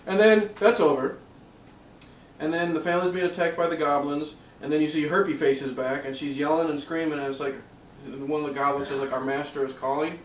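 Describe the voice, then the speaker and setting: A man's voice: on the high side, fairly even intonation, fairly quick, roomy sound, distant mic, a little hiss or hum, poor audio. A man chatting casually while reviewing a movie, laughing often as he recaps scenes. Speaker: co-host.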